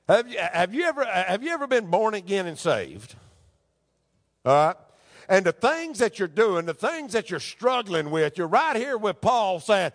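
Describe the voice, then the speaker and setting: A man preaching a sermon as pastor, quoting scripture and building to loud, raspy shouts. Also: high voice, big pitch swings, normal speed, long reverb tail. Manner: preaching with rising shouts and Bible quotes.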